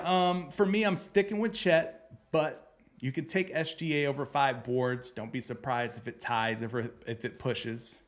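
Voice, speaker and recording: A man hosting a casual sports betting picks show, speaking at a middle pitch. He talks loose and jokey, calls viewers brother, and rambles through numbers at his desk mic.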